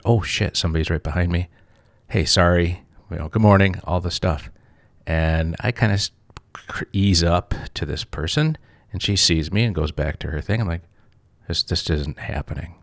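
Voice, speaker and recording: Podcast host, male, rumbling bass voice, dry close sound, casual self-mocking storyteller. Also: gravelly, no echo. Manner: blunt, swears freely, self-mocking.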